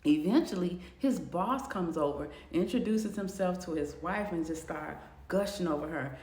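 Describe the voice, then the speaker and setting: A woman narrating a storytime video in a casual, animated way. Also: fairly low pitch, moderate pace, hardly any pauses. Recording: roomy echo.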